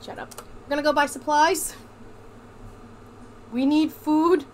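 A woman's voice: high voice, fairly even intonation, slow, a little hiss or hum. A young woman playing a game with a partner, joking, laughing often and slipping into a mock folksy drawl. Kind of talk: playful let's-play banter in a put-on accent.

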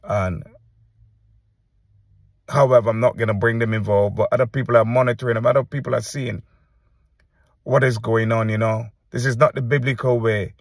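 A man preacher giving an earnest, halting testimony to camera, often restarting his sentences as he recounts visions. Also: medium pitch, steady tone, dry recording.

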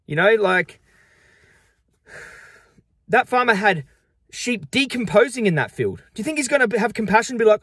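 A man's voice: high-pitched, very animated, moderate pace, long pauses, a bit bright, husky, dry recording, clean studio sound. A young man vlogging to camera, upset and frustrated, talking in emphatic, defensive bursts and repeating himself.

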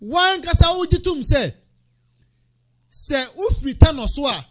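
A man presenting an Islamic talk show, preaching with animation and sometimes shouting. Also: very high-pitched, animated, a little slow.

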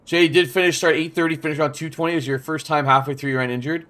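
A man's voice: a little high, fairly even intonation, very fast, a bit bright. Chatty swearing streamer guy. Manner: chatty, swears, reads chat aloud. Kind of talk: casual gameplay commentary.

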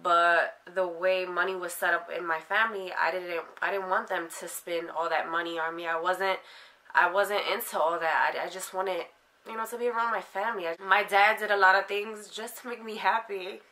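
A woman's voice: on the low side, fairly even intonation, moderate pace, bright, forceful tone. A young adult woman frankly recounting her own life story in a casual interview, full of fillers. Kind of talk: candid personal storytelling.

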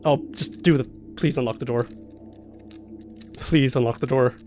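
A man's voice: medium pitch, moderate pace, a little mellow. A young man playing a horror game blind, jumpy and swearing, laughing nervously as he talks through the scares. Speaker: let's play host.

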